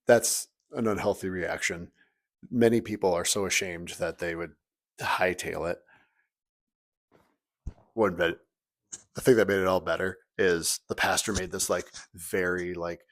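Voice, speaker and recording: A man in his thirties with a fairly low voice, talking to his congregation as their pastor. He chats in a relaxed, joking way and tells stories with plenty of up-and-down energy. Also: normal speed. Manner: conversational, humorous storytelling with big pitch swings. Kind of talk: weekly church video message.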